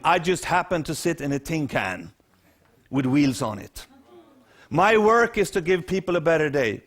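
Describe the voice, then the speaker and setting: A man's voice: on the high side, sing-song, normal speed, fairly bright tone. A Swedish man voicing a cheerful, grinning male bus driver who speaks in an upbeat, persuasive way. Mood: proud.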